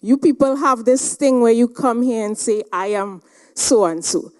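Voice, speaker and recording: Woman doing stern elder woman leader, commanding, scolding, high raised voice. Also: a little slow, darkish tone, close to an everyday voice. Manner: demanding, scolding, emphatic.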